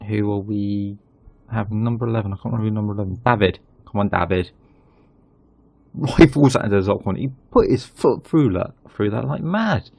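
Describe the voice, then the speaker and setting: A man hosting his gaming channel, chatting casually through a football management game and getting excited at goals. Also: lowish voice, a little fast, gravelly, no echo.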